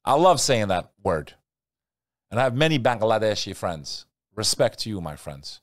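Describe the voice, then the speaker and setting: A man hosts a casual commentary podcast in a mid-pitched voice. He swings from loud, animated rants down to quiet asides. The sound is dry and close. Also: normal speed, dry recording. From Albanian family. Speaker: podcast host. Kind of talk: casual talk-show commentary.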